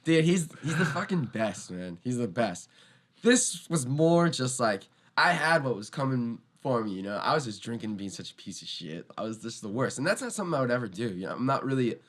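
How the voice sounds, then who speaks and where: A young man speaks as a podcast guest in a mid-pitched voice, loose and casual. He tells his story with a lot of energy and jumps up loud whenever he acts out what other people said. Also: brisk. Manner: animated, acts out quoted lines loudly.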